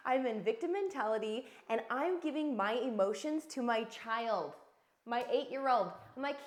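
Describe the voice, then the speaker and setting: A woman's voice: fairly high pitch, animated, normal speed. A woman in her thirties, a coach giving an earnest, encouraging lesson in a casual teaching talk.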